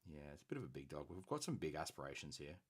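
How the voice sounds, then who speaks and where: A man chatting casually while he paints on a live stream. His delivery is easygoing and jokey, and his pitch moves in a lively, animated way. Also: quick pace, husky. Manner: laid-back, jokey banter. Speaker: streamer host.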